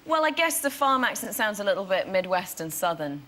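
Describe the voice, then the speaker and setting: A young woman, an actress guest on a chat show, telling stories in an animated way and laughing often. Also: medium pitch, brisk, a little hiss or hum. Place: television studio.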